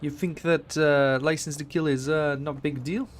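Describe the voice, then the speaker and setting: A man's voice: on the high side, fairly even intonation, normal speed, a little hiss or hum, close to an everyday voice. A man putting on a bossy Russian villain. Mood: threatening. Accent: put-on Russian. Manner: broken grammar, pushy repeating. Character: menacing male Russian villain, bossy and insistent.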